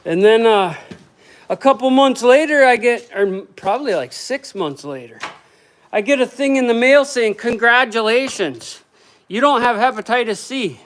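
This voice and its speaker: A man casually talking to camera while building cabinets, rambling and swearing, with loud groans and outbursts. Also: extremely high pitch, animated, moderate pace. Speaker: woodworker vlogger. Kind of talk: casual workshop talk to camera.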